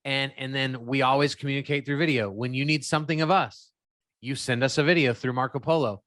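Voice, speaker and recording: A man's voice: mid-range voice, steady tone, a little fast, a bit bright, no echo. A man hosting a podcast, talking in a candid, opinionated, conversational way. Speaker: podcast host. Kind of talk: casual podcast chat.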